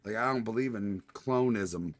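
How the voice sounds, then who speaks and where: A man's voice: lowish voice, moderate pace. A male streamer doing a casual reaction stream, profane and exasperated, cursing and laughing often.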